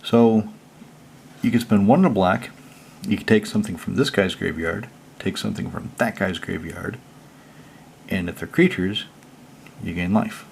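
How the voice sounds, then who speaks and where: A man with a low, gravelly voice walks through his card deck, reading each card's rules aloud before explaining them in easygoing, chatty terms. A faint hiss of background noise sits under the recording. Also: moderate pace, long pauses. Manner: relaxed, chatty, reads card text then explains it plainly. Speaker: channel host. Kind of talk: casual card deck walkthrough.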